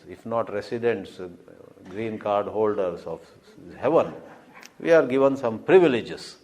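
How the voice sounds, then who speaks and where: A man's voice: mid-range voice, darkish tone. A man voicing a courteous son in heaven who speaks hesitantly and apologetically. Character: polite young son in heaven, gently apologetic.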